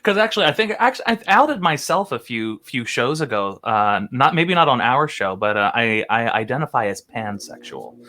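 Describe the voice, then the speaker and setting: A man's voice: medium pitch, sing-song, moderate pace, few pauses, pushed and bright. A man from Philadelphia co-hosting a casual online show, chatty and rambling, laughing often as he explains a game. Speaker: co-host.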